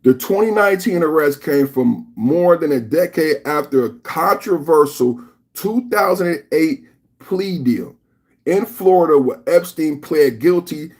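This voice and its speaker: A man's voice: fairly high pitch, expressive, a little slow, breathy edge. A man hosting a live reaction podcast, ranting in a heated, repetitive way with lots of rhetorical questions. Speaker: podcast host.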